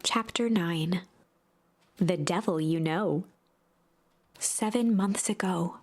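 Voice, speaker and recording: A woman narrating a story-driven game in a measured, gentle storytelling voice. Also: on the low side.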